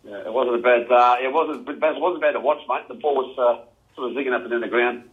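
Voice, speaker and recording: A laid-back Australian man in his fifties, a former footballer, chats as a guest on a casual radio interview about his playing days. He speaks briskly at medium pitch, says "mate" in nearly every sentence and chuckles often, his voice coming through a tinny, narrow phone line.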